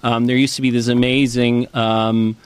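A man explaining ideas in a casual chat, animated, with many "right?" and "you know" fillers. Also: mid-range voice, moderate pace, clean tone.

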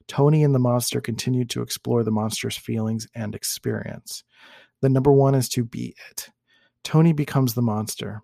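Gravelly man reading aloud. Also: medium pitch, steady tone, warm tone, no room sound, studio quality. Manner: measured, with occasional restarts and self-corrections. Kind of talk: reading a book aloud with commentary.

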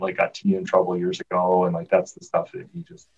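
Fast-talking man on a dull, distant line. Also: low voice, husky. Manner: animated storyteller, many restarts. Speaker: podcast guest. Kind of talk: casual chat. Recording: dull, distant remote audio.

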